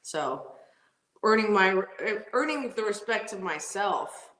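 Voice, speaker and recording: A woman race car driver, a podcast guest, telling stories in a lively, laughing way with lots of "like" fillers. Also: mid-range voice, slow pace. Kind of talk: casual storytelling interview. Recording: roomy echo.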